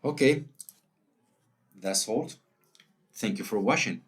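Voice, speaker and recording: Husky low-voiced man hosting a lesson. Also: slow. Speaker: host. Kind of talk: educational video lesson.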